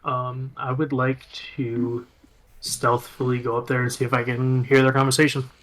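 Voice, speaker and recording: A man's voice: mid-range voice, flat delivery, moderate pace, fairly bright tone. A man playing in a tabletop game, answering in a matter-of-fact, laid-back way. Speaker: player. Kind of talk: casual tabletop play.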